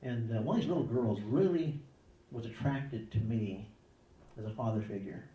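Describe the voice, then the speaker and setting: A man's voice: on the low side, normal speed, warm tone, roomy sound, far from the mic, muffled recording. A man answering parenting questions in a conversational way, acting out little dialogues in changing voices. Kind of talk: conversational advice talk.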